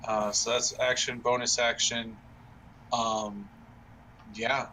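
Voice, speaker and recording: A man's voice: medium pitch, flat delivery, slow, sharp tone, a little hiss or hum, low-quality recording. A man playing a tabletop game, chatting playfully and cheering his friends on. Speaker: player. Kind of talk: casual game chat.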